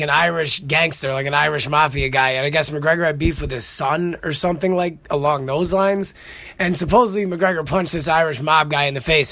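A young man hosting a podcast, telling stories in a casual, excitable, profane way. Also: on the high side, dry recording. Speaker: podcast host. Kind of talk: casual monologue.

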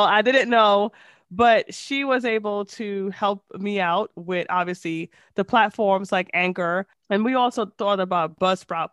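A woman's voice: medium pitch, fairly bright tone, smooth, no echo. A woman with a nasal voice co-hosting a casual podcast, chatty and storytelling, recorded over a headset on a video call. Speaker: podcast co-host.

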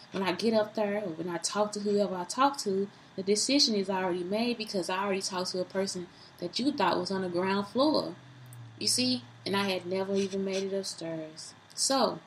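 A woman's voice: mid-range voice, poor audio. Woman, vlogger, casual self-help talk, rambling, repeats herself, faint background hiss. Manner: rambling, repeats herself, talks straight to viewers.

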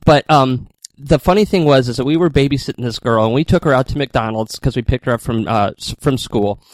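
A man's voice: mid-range voice, fairly quick, no room sound. A man hosting a radio chat, telling rambling funny stories and laughing often.

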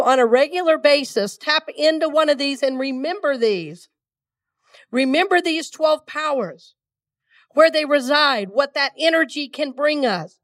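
Recorded from a distance, a high-voiced woman from Georgia delivers a chatty sermon while still getting over a cold. She sounds stuffed up and calls out for responses from the congregation.

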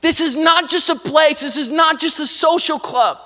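A man's voice: extremely high pitch, normal speed, sharp tone. A man pastor preaching a sermon in a church, talking to the congregation with casual asides. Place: church sanctuary. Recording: long hall reverb.

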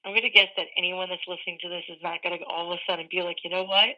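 A woman's voice: fairly low pitch, flat delivery, bright, forceful tone. A woman sports reporter guesting on a podcast, telling stories in a playful, teasing way. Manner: playful, teasing, quick storytelling. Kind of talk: casual podcast chat. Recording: dull phone-line audio.

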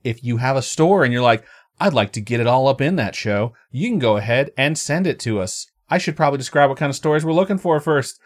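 A man's voice: medium pitch, fast talker. A man co-hosting a podcast, joking and telling stories in casual banter. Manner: joking, animated storytelling with swearing. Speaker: podcast co-host.

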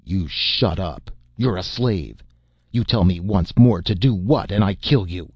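A man's voice: low voice, lively intonation, a little slow, husky, no echo, muffled recording, full character voice. A man reading the lines of a brutal barbarian slave master, who speaks in clipped, broken phrases. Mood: threatening. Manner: clipped broken speech, threatening.

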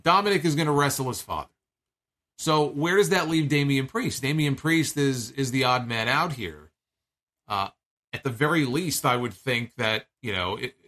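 A man's voice: mid-range voice, sharp tone. A man giving a chatty, digressive recap of a wrestling show, speaking casually and acting out the lines he quotes.

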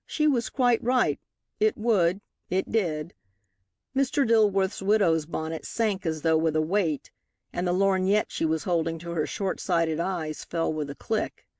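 A woman's fairly low voice carries a novel's scripted narration, paced in a measured and expressive storyteller's style. She is an audiobook narrator, recorded at studio quality without echo.

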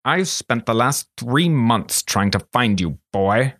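A man reading aloud and voicing a menacing male sorcerer who speaks slowly and coldly to his servant. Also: medium pitch, expressive, fairly bright tone, no room sound, clean studio sound, full character voice. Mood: contemptuous. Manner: slow, silky and threatening. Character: cold, menacing older male sorcerer master.

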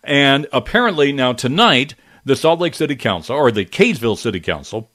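A middle-aged man hosting a talk radio show, talking in an animated, indignant, conversational way with frequent restarts. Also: mid-range voice, fairly quick, no room sound, clean studio sound. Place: radio studio.

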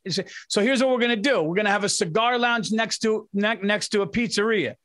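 A man co-hosting a podcast, chatting casually in an excitable, rambling and profane way. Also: high-pitched, fairly quick, hardly any pauses. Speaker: podcast co-host. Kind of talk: casual chat.

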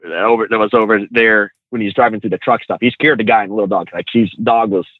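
A man who trains truck drivers, a podcast guest, telling road stories in casual, animated talk that is loose with swearing and slang like "bro". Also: lowish voice, fast talker, no echo. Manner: animated, swears freely, says "bro" and "dude". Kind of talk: casual storytelling in an interview. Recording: dry, tinny phone-like sound.

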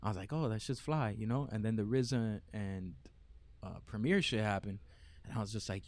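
A man's voice: on the low side, normal speed, darkish tone. A man from Miami, a podcast guest, telling stories in casual chat, cursing freely and mimicking other people's voices. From Miami, Florida. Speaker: podcast guest, event organizer.

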